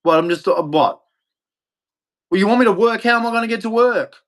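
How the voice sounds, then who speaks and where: An Australian man, a vlogger, delivers an angry ranting monologue that is bitter, profane and repetitive. His voice is high and he talks fairly quickly.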